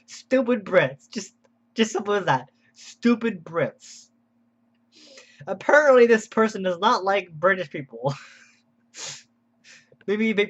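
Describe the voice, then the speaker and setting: Chatty man on a dull lo-fi recording. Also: on the high side. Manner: halting, stumbles and restarts often, chuckles while talking. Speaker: video host reading and reacting to movie reviews. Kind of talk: casual rambling commentary.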